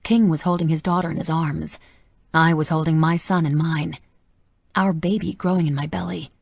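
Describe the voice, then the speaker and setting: A woman narrating a romance audiobook softly and intimately. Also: sits low, fairly even intonation, normal speed, creaky, slightly rough, no echo, studio quality. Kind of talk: scripted narration.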